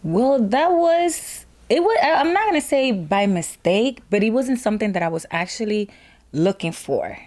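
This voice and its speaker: A woman's voice: a little high, big pitch swings, normal speed, a little mellow. A woman guest in a casual chat, playful and sassy, acting out the people in her stories. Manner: playful, sassy storyteller who acts out voices. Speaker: guest, makeup entrepreneur.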